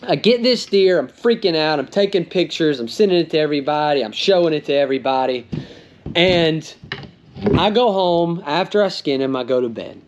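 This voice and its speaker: A man with a Southern US accent narrating his hunt, excitable and fast-talking, often outdoors in the woods. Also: fairly high pitch, dull audio, slight background noise. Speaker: hunting vlogger. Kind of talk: hunting vlog narration and field commentary.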